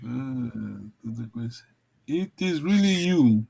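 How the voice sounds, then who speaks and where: A man's voice: medium pitch, expressive, unhurried, creaky, mellow, slight background noise, low-quality recording. A man teaching a language over a video call, encouraging and repetitive, often laughing. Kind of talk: online language lesson.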